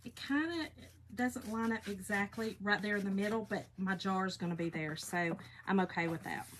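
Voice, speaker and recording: A woman's voice: medium pitch, normal speed, a little hiss or hum. A woman, hosting a casual craft livestream and chatting folksily with viewers while she works.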